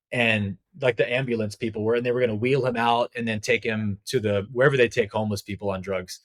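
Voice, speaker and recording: A man at a middle pitch tells a personal story as a podcast guest. He talks in a candid, animated, conversational way, using plenty of casual fillers. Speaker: podcast guest, spiritual teacher.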